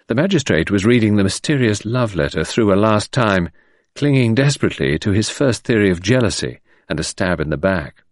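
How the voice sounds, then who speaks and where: A male narrator reads a mystery novel in a measured, expressive way. His voice sits low and moves up and down freely. The recording is dry and close. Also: dry recording. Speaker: audiobook narrator.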